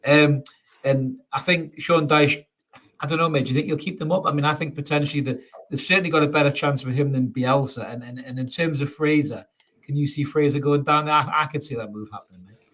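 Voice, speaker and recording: A man's voice: on the high side, fairly even intonation, fairly quick, a bit bright. A man co-hosting a football fan show, reading out viewer comments in a casual, jokey way and laughing often. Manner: jokey, laughs often, calls his co-host mate.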